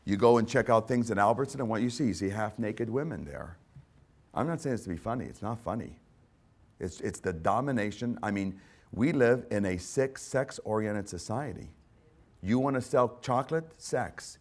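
A man preaching a sermon, fervent and repetitive, who swings from hushed asides to loud emphatic lines and calls his listeners "my friend.". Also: medium pitch. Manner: speaks directly to listeners as "my friend".

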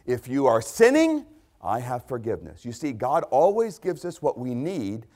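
A man delivers a sermon with real fervor. His pitch swings widely as he asks rhetorical questions and repeats his key phrases to drive them home. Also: huge pitch swings, normal speed, dark tone. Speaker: preacher.

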